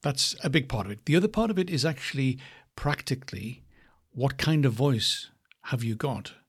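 A man teaching a voice lesson, speaking slowly and thoughtfully and demonstrating different word stress. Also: medium pitch, expressive, slightly rough. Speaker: voice coach. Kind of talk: reflective spoken lesson.

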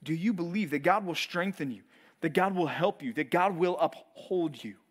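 A man's voice: fairly high pitch, normal speed. A man preaching a sermon to college students, telling stories with playful acted asides. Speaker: pastor.

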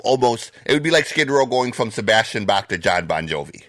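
A man's voice: fairly low pitch, big pitch swings, brisk, fairly bright tone, dry recording. A man co-hosting a podcast in casual chat, ranting with heavy swearing as he gets worked up. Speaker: podcast co-host.

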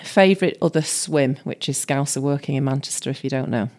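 Low-voiced woman hosting a relaxed interview. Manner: friendly, laughing, quick-fire questioner. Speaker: podcast host. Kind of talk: casual interview.

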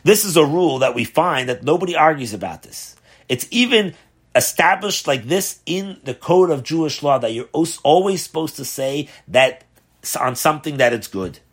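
A rabbi teaching a class on a religious text, posing questions and answering them in a conversational, animated way. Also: male voice, a little high, moderate pace, slightly rough. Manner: asks rhetorical questions, animated emphasis. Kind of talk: Torah class explaining a text.

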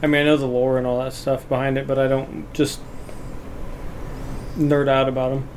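A laid-back man trades blunt, short opinions in a casual podcast chat. His voice sits at an ordinary pitch, with faint noise behind it. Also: level tone, moderate pace.

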